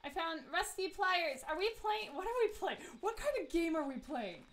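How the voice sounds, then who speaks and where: A woman's voice: very high voice, expressive, normal speed, fairly bright tone. A woman streaming a horror game, chatty and giggly as she talks to herself and her chat. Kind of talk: live let's play commentary.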